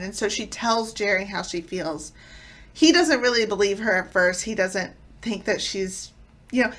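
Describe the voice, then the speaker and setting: A woman's voice: a little high, sharp tone. A woman hosting her own video, reviewing old TV episodes in a chatty, conversational way. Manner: chatty, conversational, loosely paced. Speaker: video host.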